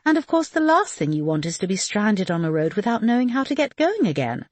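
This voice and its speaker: A woman voicing a poised, capable young woman who speaks politely and briskly, her lines lively in pitch.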